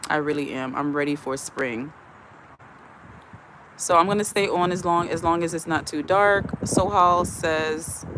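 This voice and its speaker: An American host chats casually on a livestream outdoors on a chilly evening, greeting viewers one by one and reading their comments aloud into a phone. The speaker is behind the phone camera, and the mid-range voice is a bit bright, with a little hiss or hum.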